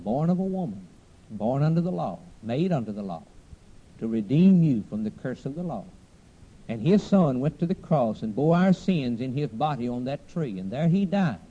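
A man preaching a sermon on the radio, impassioned, rising to cries and dropping to a hush. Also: medium pitch, breathy edge, highs cut off.

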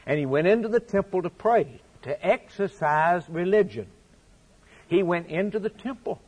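A man's voice: high-pitched, moderate pace, a little mellow, slightly rough. A man preaching a sermon, stressing his points by repeating phrases.

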